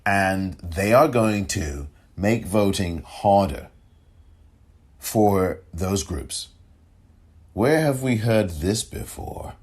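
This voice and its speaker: A male podcast host delivering solo political commentary in a slow, deliberate, indignant manner. His voice is very low and husky, and he leans hard on key words. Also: animated, darkish tone.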